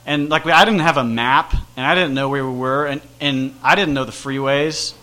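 A man casually telling a rambling, self-deprecating personal story with animated energy. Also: medium pitch, moderate pace.

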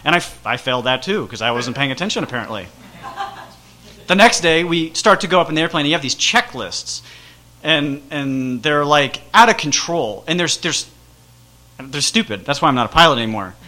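Male storyteller, slightly high, bright tone; rambling, self-mocking, lively delivery. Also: brisk. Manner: rambling, self-deprecating, animated. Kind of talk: casual personal storytelling.

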